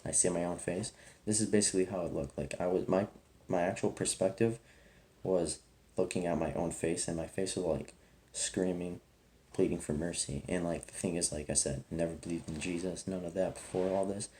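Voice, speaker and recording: A young man recounts a personal testimony in a low, dark, mellow voice. He rambles earnestly, stacking "like" between thoughts. A faint hiss sits under the recording. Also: steady tone, normal speed. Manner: rambling, heavy use of "like", earnest. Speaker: vlogger telling a personal testimony. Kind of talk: casual spoken testimony.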